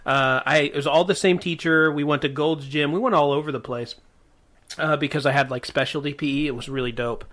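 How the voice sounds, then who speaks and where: A man co-hosting a casual podcast, recalling stories in a relaxed way with frequent pauses and uhs. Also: on the high side. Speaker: podcast co-host. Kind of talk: casual storytelling chat.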